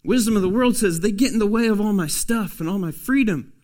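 Man preaching with soft-to-loud swings. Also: high-pitched, a little fast. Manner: swings from loud emphatic pushes to soft, hushed asides. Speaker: pastor. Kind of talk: sermon.

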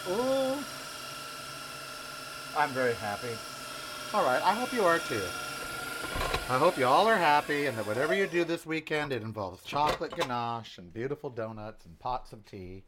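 A man's voice: mid-range voice, big pitch swings, normal speed, long pauses, background noise. A sixty-year-old man hosting a casual home cooking show, chatting and giving sassy, opinionated asides while he works in his kitchen. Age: 60s.

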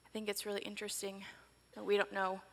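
A woman in her forties telling a sermon story dramatically, swinging from breathless excitement to hushed whispers. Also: medium pitch, fast. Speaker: preacher. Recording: long reverb of a large hall.

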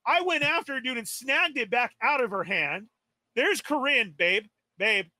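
A man's voice: very high voice, lively intonation, normal speed, pushed and bright, no room sound. A man animatedly telling a story on a live stream podcast, exasperated and acting out his own quotes. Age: adult. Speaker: toy podcast co-host.

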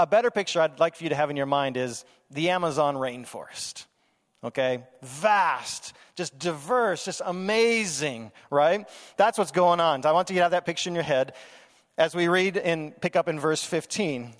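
Male pastor, high-pitched, lively conversational sermon, long hall reverb. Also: normal speed. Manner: animated, conversational preaching with playful asides.

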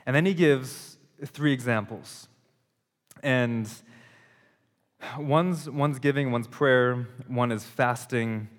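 A man in his thirties preaching a conversational, emphatic sermon, often restarting his phrases as he works through his point. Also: mid-range voice. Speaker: pastor. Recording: long hall reverb.

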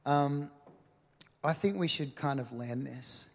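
A man's voice: mid-range voice, slow, vocal fry, in a large hall. A man preaching a sermon as a worship pastor, in a conversational style with many "um"s and "right?" check-ins.

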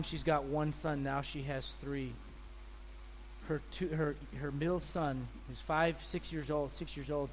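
High-voiced pastor telling lively stories. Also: male voice, slight background noise. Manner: animated storyteller, acts out people's voices. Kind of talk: sermon with storytelling.

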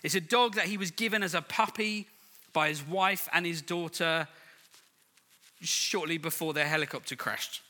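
A man's voice: on the high side, moderate pace, sharp tone, long reverb tail. A middle-aged man preaching to a church congregation, telling a humorous story in a chatty way. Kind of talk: sermon. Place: large church hall.

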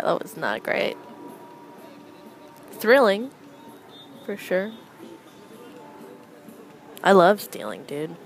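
A young adult woman hosting a casual solo chat, rambling with wry, deadpan asides as she comments on people passing by. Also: on the low side, poor audio. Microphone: close microphone.

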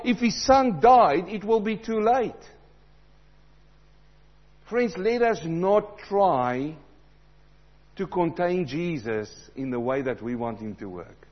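A man preaching a sermon, swinging between loud emphatic passages and low, quiet asides. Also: lo-fi sound.

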